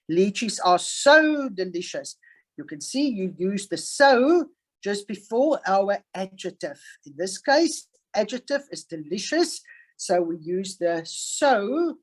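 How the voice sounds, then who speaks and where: Woman teacher, online grammar class, slow and patient, leans on example sentences, video-call sound. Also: mid-range voice, a little mellow, breathy edge, low-quality recording. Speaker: English teacher.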